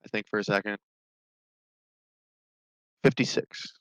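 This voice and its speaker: Smooth low-voiced man role-playing. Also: steady tone, fairly bright tone, no room sound, rough recording. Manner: measured, scholarly explaining. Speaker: tabletop game player. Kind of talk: in-character tabletop role-play.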